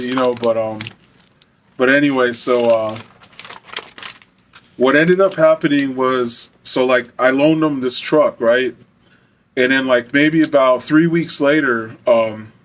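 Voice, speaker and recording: A man's voice: medium pitch, a bit bright. A young man telling a personal story in a casual, rambling way, full of fillers and swearing. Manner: rambling, heavy fillers, profane.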